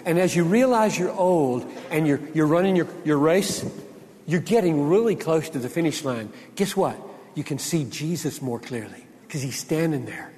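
A man in his sixties gives a lively conference talk with a preaching edge, joking as he goes and tripping into restarts. His voice sits high for a man. It rings out with a long reverb through a large hall. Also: moderate pace. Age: 60s. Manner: animated and joking, with frequent restarts. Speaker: conference speaker.

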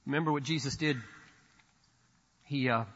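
A pastor preaching a sermon with emphatic declarations and sudden drops into low, quiet asides. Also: male voice, moderate pace, long reverb tail, highs cut off.

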